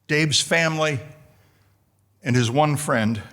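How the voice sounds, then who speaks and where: A middle-aged man from New Jersey in the United States speaks slowly in a fairly high voice, introducing a colleague at a formal lecture in a lecture hall with dry, self-deprecating wit. The recording is very noisy.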